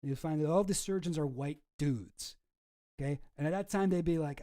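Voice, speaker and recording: A man hosts a casual reaction commentary in a somewhat high voice, ranting profanely. His tone stays dark and mellow, and he breaks off and restarts his sentences often. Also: a little fast. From Canada. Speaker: commentary host.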